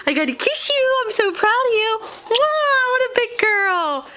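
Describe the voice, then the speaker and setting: A mother filming her baby at home, talking in excited baby talk and counting out steps. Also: extremely high pitch, moderate pace, heavy background noise. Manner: excited, sing-song, counts the baby's steps aloud.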